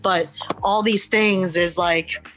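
A woman's voice: fairly low pitch, fairly even intonation, takes it slowly, a bit bright, low-quality recording. Earnest, blunt woman wrestler guest. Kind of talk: candid interview talk.

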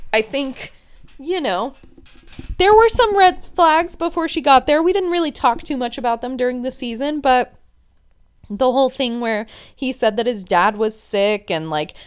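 A woman's voice: sits high, smooth. Chatty, opinionated young woman. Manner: chatty, opinionated, many "like" fillers. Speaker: podcast host recapping a reality show. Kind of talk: casual recap chat.

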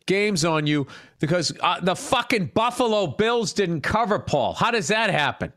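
Podcast host, male, high-pitched, crude and ribbing, dead-dry recording. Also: moderate pace, dry recording. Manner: profane, ribbing, animated storytelling. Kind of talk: casual sports chat.

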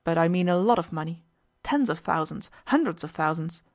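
Picture a fearless young American woman cross-examining a suspect in an old storybook, her questions cool and relentless, as a woman reader puts her on. She sits slightly higher than a plain reading voice and carries a firm, commanding edge. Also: expressive, brisk, a little mellow. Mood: pressing. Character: bold, determined young American woman interrogator.

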